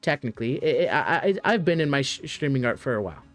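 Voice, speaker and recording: A man's voice: mid-range voice, lively intonation, fast talker, fairly bright tone, faint music behind. A young man streaming a game, chatting casually in a rambling, slangy way with many restarts. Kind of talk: casual gameplay commentary.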